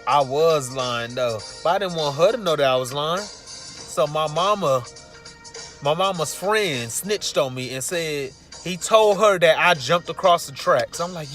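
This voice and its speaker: A man's voice: fairly high pitch, a little slow, faint music behind. A man casually telling a funny personal story and acting out the people in it. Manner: casual and animated, acting out the quotes.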